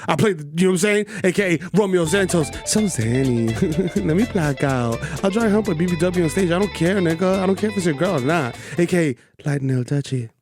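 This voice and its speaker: A man's voice: high voice, expressive, music in the background. Profane New York man riffing boasts. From the Bronx, New York. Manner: rapid-fire boastful alias riffing, profane. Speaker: podcast co-host. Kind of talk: casual comedic chat.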